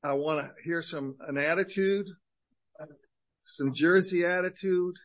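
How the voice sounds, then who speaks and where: A man in his sixties, a minister giving an energetic, joking talk to a men's group at a church, with lots of fillers. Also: fairly high pitch, a little slow, highs cut off. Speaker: guest speaker and minister to men. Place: church gathering of men.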